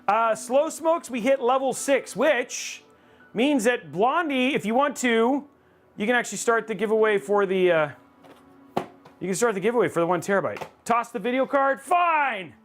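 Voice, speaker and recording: An excitable man hosts a live PC-building stream and reads viewer chat aloud in a high, animated voice. He chats casually and breaks into loud mock-rage outbursts. Faint music plays underneath him. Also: moderate pace. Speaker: livestream host building a gaming PC.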